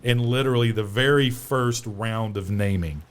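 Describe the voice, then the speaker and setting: A man's voice: on the low side, normal speed, clear, resonant tone. A man with a Kentucky accent, a distillery co-founder telling stories in a casual chat and laughing often. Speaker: distillery co-founder, podcast guest.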